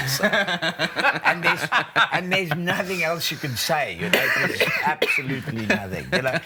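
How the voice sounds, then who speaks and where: A man's voice: on the high side, expressive, moderate pace, noisy background. A man guesting on a cricket show, telling rambling anecdotes with many restarts. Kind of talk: storytelling in a casual chat.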